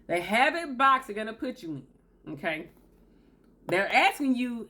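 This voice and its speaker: A woman's voice: fairly high pitch, sing-song, unhurried, sharp tone. A woman hosting a self-help video, talking straight to camera, emphatic and repeating her key points. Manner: emphatic, repeats key phrases, acts out quoted people. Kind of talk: direct-to-camera advice talk.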